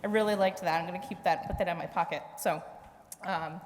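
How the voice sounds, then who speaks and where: A woman's voice: on the low side, fairly even intonation, brisk. A woman chairing an event, thanking the speakers and opening questions in a friendly way. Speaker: event host, committee chair. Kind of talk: hosting a Q&A. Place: event hall. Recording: echoey hall with audience, faint hiss.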